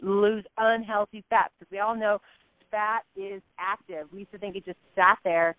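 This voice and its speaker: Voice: mid-range voice, flat delivery, normal speed, no echo. A host of a product call who interviews a guest, encouraging and affirming her as she talks. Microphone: telephone. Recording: tinny phone line.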